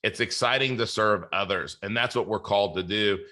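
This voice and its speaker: Man, podcast host, casual interview, earnest, faith-filled, bright forceful tone. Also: on the low side, brisk.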